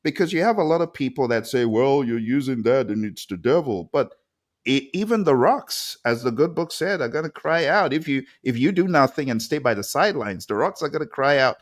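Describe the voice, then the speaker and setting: A man's voice: on the high side, animated, a little fast. A man hosting a live-streamed interview who talks with enthusiasm, exclaims often and reads viewer comments aloud. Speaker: interview host.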